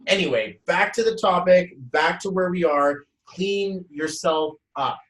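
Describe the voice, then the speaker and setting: A young man hosting a casual motivational live talk, energetic and rambling, often repeating words as he speaks at home. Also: sits high, unhurried. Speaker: host. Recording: roomy echo, voice from a distance.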